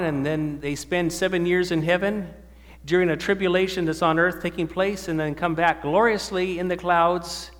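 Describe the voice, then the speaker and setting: A man's voice: on the high side, a bit bright. Preacher man in a reverberant hall. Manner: asks the audience questions and answers them. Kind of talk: sermon. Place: church or meeting hall with an audience.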